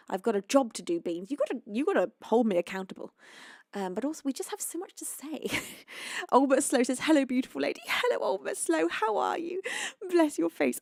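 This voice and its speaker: A young singer-songwriter from the UK chats with her live chat, rambling and friendly, warmly greeting viewers despite being tired and sleepy. Her fairly high voice is very animated and a little fast, with vocal fry, in clean studio sound with no room echo.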